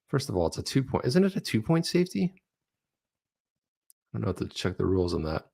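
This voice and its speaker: A man's voice: on the low side, big pitch swings, fast talker, gravelly, warm tone, slightly rough. A man co-hosting a live crypto talk show, chatting casually and joking around. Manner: joking, slips into old gangster voice. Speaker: co-host. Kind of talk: casual chat.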